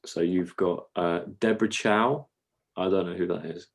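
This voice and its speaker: A man's voice: sits low, fairly even intonation, moderate pace, creaky. A man co-hosting a podcast in casual chat, rambling and laughing as he tells stories. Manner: rambling, laughs while telling stories, slips into silly voices. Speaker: podcast co-host.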